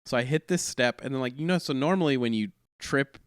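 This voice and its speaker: A man's voice: mid-range voice, fairly quick, clean tone, no room sound, clean studio sound. A man, a comedian guest on a podcast, telling a long anecdote in a casual, rambling way, often correcting himself and laughing mid-story.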